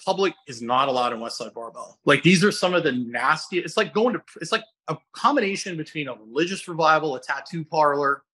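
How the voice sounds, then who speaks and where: Bright-voiced middle-aged man telling stories. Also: on the high side, a little fast, few pauses, breathy edge. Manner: animated storyteller who acts out other people's voices; rambling, with many restarts. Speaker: fitness coach and guest host. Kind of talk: casual podcast chat.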